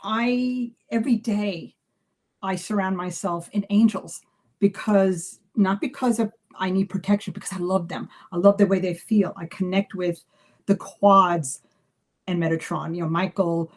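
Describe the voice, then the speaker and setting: Chatty woman telling animated stories. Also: lowish voice, measured pace. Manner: animated storyteller acting out dialogue; chatty with many fillers and restarts. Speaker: psychic medium. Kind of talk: casual live video chat.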